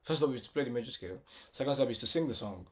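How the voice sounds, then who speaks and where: A man's voice: mid-range voice, lively intonation, very fast, sharp tone. A man teaching a casual music tutorial, explaining step by step with lots of repetition and filler words, sometimes singing short phrases. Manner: breaks into short sung phrases.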